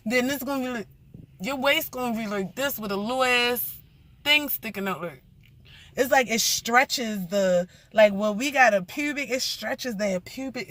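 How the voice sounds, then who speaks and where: A woman's voice: a little high, moderate pace, a bit bright. A young woman rambling through a blunt, profane story in a casual vlog rant.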